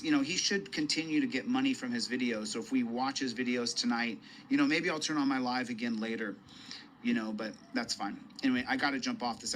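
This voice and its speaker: A man rambles casually through a live stream at a mid pitch, circling back over his words and greeting viewers. There is a faint background noise behind him. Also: fairly bright tone, low-quality recording. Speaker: livestreamer.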